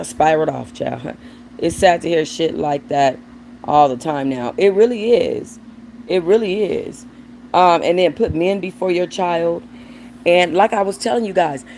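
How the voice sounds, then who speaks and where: A woman's voice: on the low side, darkish tone, slight background noise, low-quality recording. A woman hosting a livestream, giving blunt, profane commentary on viewer comments and talking aside to her dog. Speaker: livestream host.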